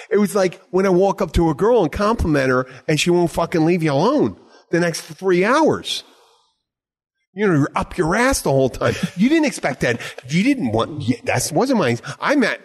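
A man's voice: fairly high pitch, big pitch swings, normal speed. Male podcast host, rambling and emphatic, restarts often and swears freely, casual chat.

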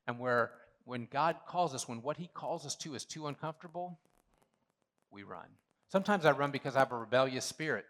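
A male pastor preaching a sermon in a church, animated, with joking asides and big swings from loud to hushed. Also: medium pitch, a little fast. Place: church sanctuary.

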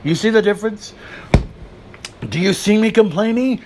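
A man's voice: high-pitched, moderate pace, pauses often. A man hosting a podcast, delivering a solo wrestling commentary rant in a profane, emphatic way. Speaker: podcast host.

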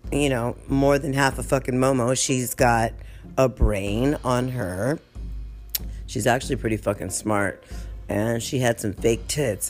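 A woman's voice: extremely low pitch, darkish tone. A woman vlogger venting in a casual story, swearing constantly, rambling off topic and breaking into laughter often.

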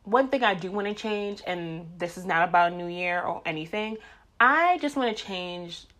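A woman's voice: lowish voice, moderate pace. Profane, blunt young woman ranting. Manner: profane, blunt, animated storytelling. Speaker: vlogger. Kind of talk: casual ranting monologue.

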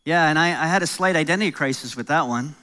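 A middle-aged American pastor delivers his sermon in a slightly high, bright voice. He moves between easy, joking asides and pointed, building emphasis. He grew up in New York. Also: fast talker. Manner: conversational preaching with jokes and rising emphasis.

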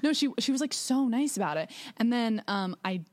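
A woman's voice: on the high side, expressive, a little fast. A young woman co-hosting a podcast, telling a story in casual chat with lots of fillers and restarts. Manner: chatty storytelling with many fillers. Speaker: podcast co-host.

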